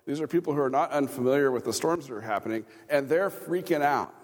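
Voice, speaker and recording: Male pastor, casual sermon voice, mid pitch, long church reverb. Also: quick pace. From Kansas. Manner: conversational, chuckling asides, audience questions. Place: church sanctuary.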